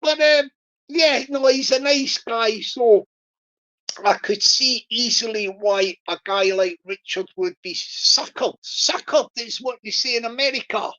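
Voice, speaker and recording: A woman's voice: on the high side, measured pace, fairly bright tone. Rambling woman streamer, lo-fi sound. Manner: rambling, many fillers and restarts, chuckles. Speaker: YouTube livestreamer. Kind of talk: casual livestream commentary. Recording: lo-fi dull stream audio.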